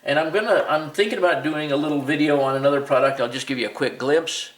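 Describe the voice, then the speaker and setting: A man's voice: fairly high pitch, quick pace. A middle-aged man who runs a hobby shop, casually reviewing and demonstrating a modeling product, rambling with many fillers and restarts. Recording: echoey room.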